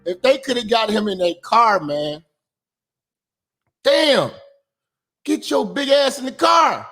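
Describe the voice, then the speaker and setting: A man hosting a reaction commentary show, loud and crude, laughing and breaking into shouts. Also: very high voice, big pitch swings, takes it slowly, soft background music. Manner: crude, mocking banter. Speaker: host.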